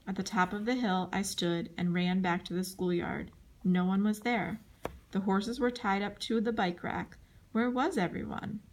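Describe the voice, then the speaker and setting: A woman reading a chapter book aloud, in scripted narration, giving the dialogue lively voices and jumping high for the shouts. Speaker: audiobook reader.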